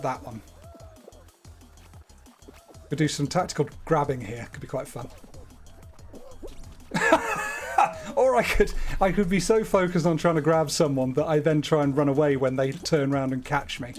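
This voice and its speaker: A man's voice: on the high side, moderate pace, faint music behind. A man streaming live, talking through his gameplay in a chatty, playful way with wordy asides. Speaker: gaming streamer.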